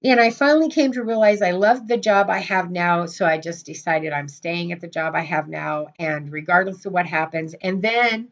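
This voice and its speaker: A woman's voice: on the low side, moderate pace, few pauses, lo-fi sound. A middle-aged woman hosting a casual livestream, gushing over viewers and often repeating herself. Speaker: channel host on a livestream.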